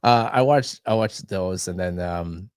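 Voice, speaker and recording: A young adult man chatting as a guest on a podcast, his voice sitting a bit low. He rambles through his points with plenty of fillers and bursts of animation. The sound is dry and close to the mic. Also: unhurried, clear, resonant tone, no room sound. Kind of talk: casual chat.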